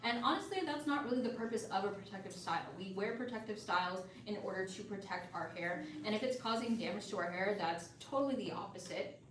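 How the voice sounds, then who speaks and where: An upbeat, chatty woman pitches hair products on a live stream, calling out to her viewers in a friendly, casual way. She sits a little back from the mic in an echoey room. A faint hum of ambience runs underneath. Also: quick pace, distant mic. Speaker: livestream seller.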